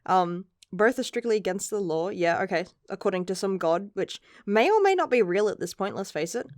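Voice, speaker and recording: A woman reviews a chapter in a loose, chatty way, rambling and swearing casually. Her voice sits at a middle pitch, and the recording is dry and close. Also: animated, fairly quick, no echo. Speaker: manga reviewer.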